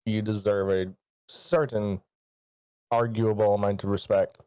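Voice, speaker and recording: A man's voice: on the low side, level tone, unhurried, mellow, clean tone, no room sound, close to an everyday voice, low-quality recording. A man voicing a polite, formally spoken female student in a tabletop role-play. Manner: courteous, formal wording.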